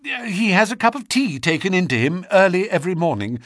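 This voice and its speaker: A man's voice: high-pitched, big pitch swings, brisk, a bit bright, no room sound, studio quality, pitched above the performer's own voice, heavily acted. A man reading an audiobook, voicing a distraught middle-aged doctor in agitated, breathless exclamations.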